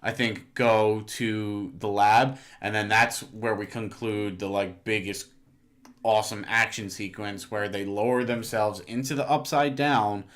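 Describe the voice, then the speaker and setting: A man's voice: lowish voice, steady tone, unhurried, a bit bright. A man co-hosting a podcast, casually recapping a show's plot and correcting his co-host. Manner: corrects and fills in plot details, lots of "like" and "uh". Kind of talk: casual chat recapping a show.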